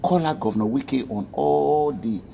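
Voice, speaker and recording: A man's voice: medium pitch, normal speed, gravelly, mellow, slight background noise. A man with a Nigerian accent narrating a commentary vlog, chatty and addressing viewers directly.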